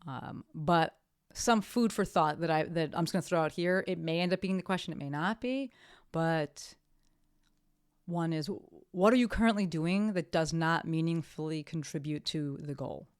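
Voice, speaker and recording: A woman's voice: low-pitched, moderate pace, smooth, no room sound, studio quality. A woman hosting her own podcast, talking casually and upbeat, often correcting herself mid-sentence. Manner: chatty, self-correcting, upbeat sign-off. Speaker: podcast host. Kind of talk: casual solo podcast talk.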